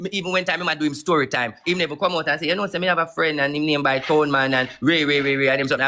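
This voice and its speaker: A man's voice: fairly high pitch, sharp tone, slight background noise. A man with a Jamaican Patois accent talking heatedly on a live stream, repeating himself and quoting others in raised voices. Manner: heated, repetitive street talk with acted quotes.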